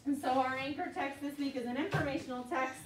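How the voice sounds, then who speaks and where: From a distance in an echoey classroom, an elementary school teacher leads children through a vocabulary lesson, patiently drilling each word call-and-response style and repeating it often. Her voice sits high and moves fairly quickly over a noisy background.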